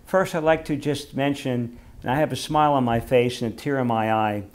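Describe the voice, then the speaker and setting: Older rabbi, gentle heartfelt sermon. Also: male voice, mid-range voice. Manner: gentle, heartfelt storytelling, slow for readings. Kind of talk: memorial service sermon.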